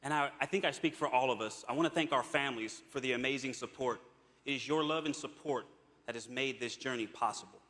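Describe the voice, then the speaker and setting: A man's voice: medium pitch, fairly quick, bright, forceful tone. A man, an astronaut, giving an upbeat, earnest public speech to an audience in a large hall. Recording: long hall reverb.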